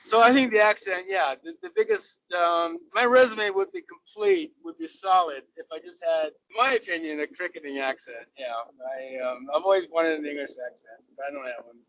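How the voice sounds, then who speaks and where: A man's voice: high-pitched, very animated, normal speed, gravelly, few pauses, fairly bright tone. An older man with an American accent, from Southern California, chatting as an interview guest with restarts and laughs. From Southern California, USA. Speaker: guest, former cricketer. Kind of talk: casual interview storytelling. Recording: dull sound, voice far from the mic.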